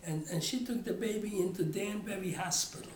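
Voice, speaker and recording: A man's voice: sits high, fairly quick, darkish tone, slight background noise. An older man tells family stories in an oral history interview. He rambles and restarts his sentences often. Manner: rambling storytelling with many restarts. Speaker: father telling family stories. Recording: roomy echo.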